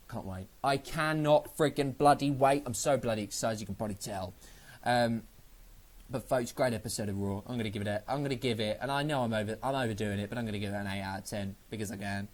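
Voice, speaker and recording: A man giving a casual spoken review of a wrestling show, excitable and rambling, swearing freely. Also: medium pitch, fast.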